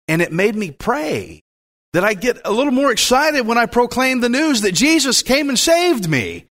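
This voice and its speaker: A man's voice: sits high, big pitch swings, a little fast, fairly bright tone. A man preaching a sermon, reading scripture aloud and breaking off into enthusiastic, conversational asides. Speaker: pastor.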